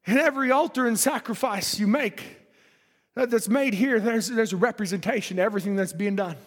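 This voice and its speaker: High-pitched fervent male preacher. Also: fairly quick. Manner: fervent, reads scripture aloud, shouts at peaks. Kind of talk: sermon. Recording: long hall reverb.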